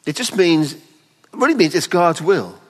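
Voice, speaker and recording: Expressive male preacher in a reverberant hall. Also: on the high side, normal speed, slightly rough. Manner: expressive, voices the father pleading tenderly. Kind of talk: sermon. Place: hall at a weekend away.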